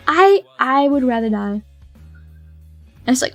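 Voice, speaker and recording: A young woman with a slightly high voice chats on her livestream, rambling from one thought to the next. She laughs often, swears freely and breaks into dramatic outbursts, with faint music playing behind her. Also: sing-song, unhurried. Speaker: streamer. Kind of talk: casual livestream chat.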